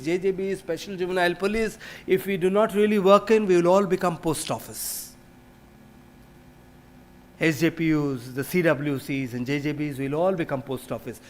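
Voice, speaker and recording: A man with an Indian English accent giving an earnest speech at a conference, sometimes dropping to a hushed tone. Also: on the high side, a little hiss or hum. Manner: earnest, drops to a hushed tone while recounting. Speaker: panel speaker. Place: conference hall.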